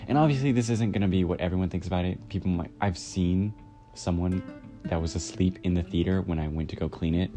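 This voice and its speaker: A man in his twenties casually reviewing a film in a rambling way, with many "like" fillers. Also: deep voice. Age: 20s. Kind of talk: casual chat. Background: music.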